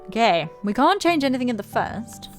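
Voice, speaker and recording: Playful woman streaming a game, animated. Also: fairly high pitch, normal speed, soft background music. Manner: playful mock-formal. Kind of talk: let's play commentary.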